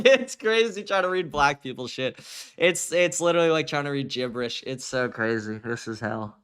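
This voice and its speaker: A man's voice: mid-range voice, expressive, moderate pace, fairly bright tone, clean tone. A young man hosting a livestream, giving angry, profane commentary and reacting to his chat. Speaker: livestream host.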